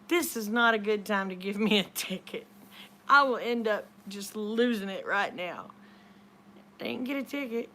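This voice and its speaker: A woman's voice: on the high side, a little slow, pauses often, fairly bright tone, a little hiss or hum. A middle-aged woman, retelling a conversation in a chatty, rambling way. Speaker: vlogger. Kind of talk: casual storytelling.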